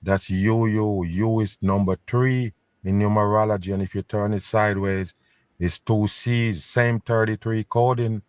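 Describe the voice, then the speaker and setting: A man with a fairly low voice comments scornfully on news footage and keeps urging his viewers to pay attention. The sound is dry and close, with no room echo. He talks in a casual, emphatic way, as if letting people in on a secret. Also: fairly even intonation, a little slow. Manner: scornful, conspiratorial. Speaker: host reacting to news clips.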